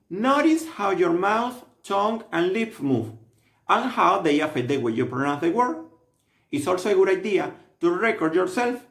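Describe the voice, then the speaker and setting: A man narrates a scripted language lesson in an instructive, steady way. His fairly high voice swings up and down with lively intonation. The recording carries a noticeable roomy echo. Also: gravelly. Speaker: language teacher.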